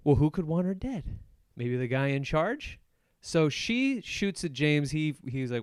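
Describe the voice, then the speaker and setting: A man hosting a podcast alone, casually recapping a film with jokes, laughs and quick put-on voices for the characters. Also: mid-range voice, expressive, clear, resonant tone, dry recording, clean studio sound. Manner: joking, acts out movie characters in quick voices; laughs often while retelling. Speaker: podcast host. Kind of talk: solo casual movie recap.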